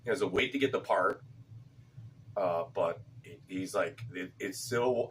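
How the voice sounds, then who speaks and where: A man's voice: deep voice, unhurried, recorded from a distance, slight background noise. A man chatting casually in a vlog, rambling, repeating words and swearing now and then. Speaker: cigar vlogger. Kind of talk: casual chat.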